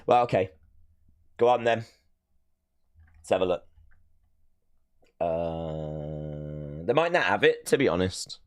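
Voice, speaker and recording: This man speaks in a low, expressive voice, going slowly with long pauses. He's running a live watch-along stream, chatting and rambling a bit while reading viewer messages, mocking himself and using fillers. The sound is clean studio quality with no echo.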